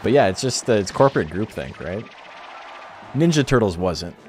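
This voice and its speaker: A man's voice: lowish voice, lively intonation, moderate pace, faint music behind. A man streaming a game tournament, chatting casually and rambling in a laid-back way, swearing now and then.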